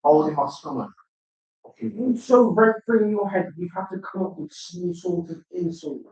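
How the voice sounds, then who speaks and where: A man's voice: high-pitched, moderate pace, a little mellow. A man in casual chat, joking and laughing through banter. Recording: roomy, distant, muffled sound.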